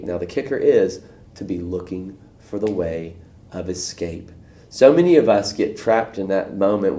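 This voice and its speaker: Low, mellow-voiced man preaching. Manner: folksy storytelling, acts out voices in a high excited tone. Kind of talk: recorded church teaching video. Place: church room. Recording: echoey room.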